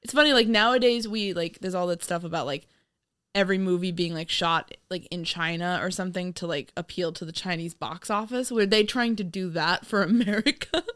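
A woman's voice: on the low side, a little fast, fairly bright tone, clean tone, no room sound, clean studio sound. A young woman co-hosting a podcast in casual chat, joking and sarcastic, often laughing. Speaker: podcast co-host.

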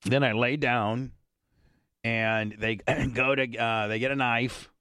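Male talk-radio host, mid-pitched voice, crude rambling stories, dry close mic. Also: steady tone, slow, pushed and bright, no room sound. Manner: profane, rambling storyteller with frequent throat clearing.

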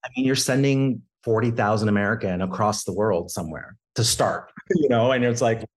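A man's voice: lowish voice, fairly quick. A man in his thirties from Canada, telling his story as a podcast guest, with lots of restarts and acted quotes of his family. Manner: animated, quotes family in raised voice. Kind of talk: conversational storytelling.

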